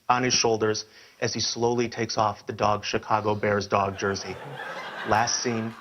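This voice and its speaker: A man narrating an ad pitch scene by scene at a steady pace. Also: slight background noise. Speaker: contest entrant pitching an ad. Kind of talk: spoken ad pitch. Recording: dull lo-fi playback.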